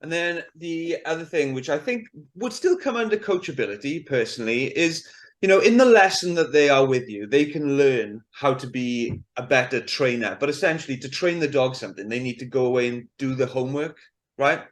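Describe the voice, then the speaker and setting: A man's voice: mid-range voice, expressive, brisk. A Welsh man co-hosting a casual podcast, complaining in an earnest, exasperated way about teaching. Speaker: podcast co-host, agility instructor.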